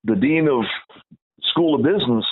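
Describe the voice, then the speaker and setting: A man's voice: mid-range voice, lively intonation, normal speed, husky. A middle-aged man telling a rambling, heated story in casual talk, with many restarts. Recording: tinny phone-like audio.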